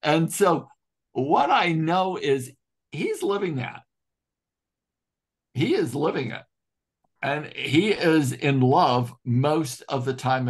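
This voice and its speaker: A man in a casual spiritual group discussion over a video call, talking in an earnest, heartfelt and reflective way. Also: medium pitch. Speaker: study group participant.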